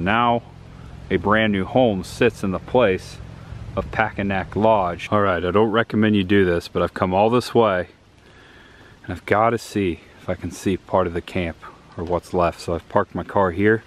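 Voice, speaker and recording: A man with a fairly low voice, out of breath, narrates a casual walk-and-talk vlog in the woods on a handheld camera, slight background noise behind him. He's a vlogger touring filming locations, enthusiastically pointing things out as he walks.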